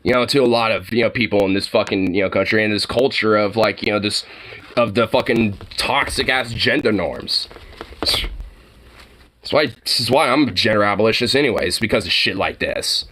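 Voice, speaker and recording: A man's voice: lowish voice, normal speed, a bit bright, slight background noise. A man venting to camera in a heated, rambling monologue, swearing constantly and filling gaps with "you know" and "like". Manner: heated, profane, rambling with many fillers. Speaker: vlogger.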